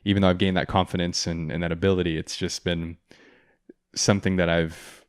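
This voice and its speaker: A man's voice: deep voice, flat delivery, a little fast, no echo, clean studio sound. A man guesting on a podcast, speaking hesitantly and reflectively, with many trailing restarts. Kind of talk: casual podcast chat.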